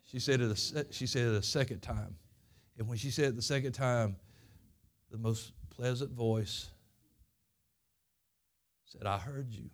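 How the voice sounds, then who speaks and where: A man's voice: medium pitch, measured pace, long pauses. A man preaching a Sunday school lesson, telling his own testimony in folksy, earnest, plain country speech. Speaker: pastor.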